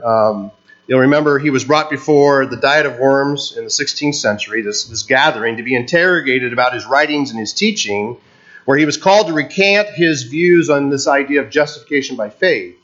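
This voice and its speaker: A man with a somewhat high voice delivers a sermon in English, which is not his first language. He teaches earnestly, stopping and restarting his phrases as he goes. The recording sounds dull and lo-fi. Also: a bit bright. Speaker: pastor.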